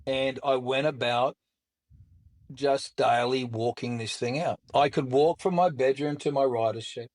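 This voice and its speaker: A man's voice: mid-range voice, moderate pace, a little mellow. Blunt man telling his story. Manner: blunt and colorful, with mild swearing. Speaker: guest, author and speaker. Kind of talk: candid storytelling in conversation.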